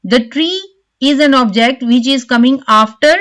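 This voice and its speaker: Woman teacher doing a grammar lesson online, kinda high voice, super slow and careful. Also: fairly bright tone, rough recording. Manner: slow, careful explanation with stressed example words.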